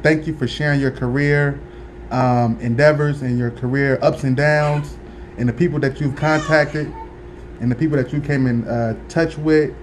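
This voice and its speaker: A man's voice: medium pitch, fairly even intonation, moderate pace, a little hiss or hum. A man in his thirties at home, talking casually to camera in a book review, with laid-back slang and lots of fillers and restarts.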